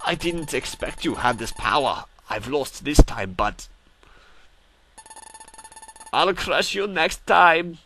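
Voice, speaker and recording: A man doing a slow menacing robot boss with a German accent. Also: fairly high pitch, animated, sharp tone, slight background noise, pitched above the performer's own voice, exaggerated voice. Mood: defiant. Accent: put-on German. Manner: slow, deliberate, threatening delivery. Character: menacing male robot boss, cold and boastful.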